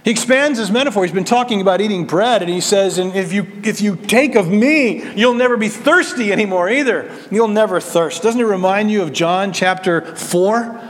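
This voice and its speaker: Man preaching, high voice, lively and dramatic, acts out the quotes, long echo of a church hall. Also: normal speed, hardly any pauses. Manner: animated, acts out quoted voices, repeats words when restarting. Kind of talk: expository sermon.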